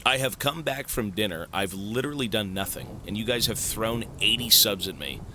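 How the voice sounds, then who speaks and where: A man streaming live, thanking viewers for gifts in an excitable, swearing, disbelieving way. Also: fairly low pitch, moderate pace, a little hiss or hum. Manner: excitable, swears a lot, stunned outbursts.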